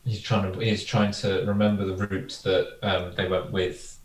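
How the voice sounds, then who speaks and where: Low-voiced guy thinking out loud in a tabletop game, roomy echo, faint hiss behind. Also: level tone, normal speed. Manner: tentative, thinking aloud. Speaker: player. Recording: echoey room, distant mic, faint noise.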